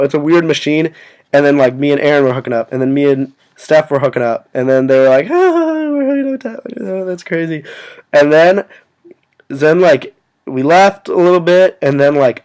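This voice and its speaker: A young man casually telling a story to his viewers, rambling and filling every pause with "like". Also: fairly high pitch, a little mellow. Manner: rambling, full of "like" fillers. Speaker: vlogger.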